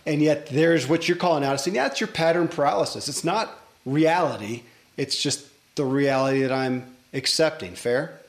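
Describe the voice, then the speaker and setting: A man's voice: on the high side, normal speed. A middle-aged man hosting a podcast who reflects and thinks aloud. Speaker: podcast host. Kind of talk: podcast interview chat.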